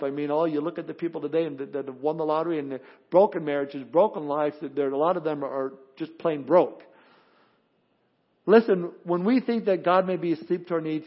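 High-voiced man preaching on dull audio. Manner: emphatic, animated preaching with repeated words. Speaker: pastor. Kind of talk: sermon.

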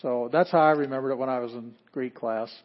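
A man teaching a classroom lesson, talking things through in an easygoing, plainspoken way and chuckling at his own asides. His voice sits in a middle pitch. The recording is a bit muffled and lo-fi. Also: quick pace. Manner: relaxed, chuckling, plainspoken, with fillers. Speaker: Greek teacher. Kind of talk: classroom lecture.

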